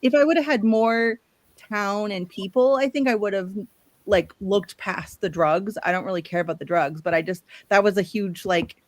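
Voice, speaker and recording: A woman's voice: medium pitch, moderate pace, dry recording. A woman hosting a live book chat, talking casually with lots of fillers and trailing-off thoughts. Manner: chatty, filler-heavy, trailing off. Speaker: livestream book-chat host.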